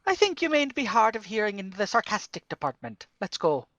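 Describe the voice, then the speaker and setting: A woman's voice: medium pitch, big pitch swings, a little fast, a bit bright, no room sound, muffled recording. A woman playing a tabletop role-playing game, with a playful, sarcastic manner. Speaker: player. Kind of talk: tabletop role-play chat.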